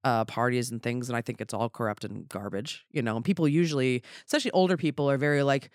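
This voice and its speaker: A man, a comedian, talking in a casual podcast chat, rambling and animated and swearing offhandedly. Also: mid-range voice, fast, few pauses, dry recording, studio quality. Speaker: comedian guest.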